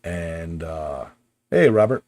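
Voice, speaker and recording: Deep, slow, laid-back podcast host man. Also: animated, darkish tone, dry recording. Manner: laid-back, filler-heavy and joking. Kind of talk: casual podcast chat.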